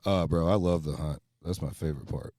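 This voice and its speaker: A man telling a rambling, animated story in casual talk outdoors by a fire, full of "bro" and "dude". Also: a bass voice, fairly quick, dry recording, clean studio sound. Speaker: podcast co-host.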